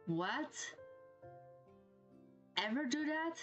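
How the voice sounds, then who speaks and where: A woman's voice: high-pitched, expressive, extremely slow, fairly bright tone, dull audio, faint music behind. A woman streamer with a German accent who reads a game story aloud and reacts with giggly, gushing comments.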